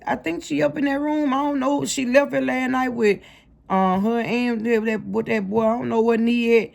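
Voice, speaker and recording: Woman playing a middle-aged mother, flustered, unsure, rambling, raised voice, gravelly. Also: on the high side, fairly even intonation, moderate pace, darkish tone, voice pushed up.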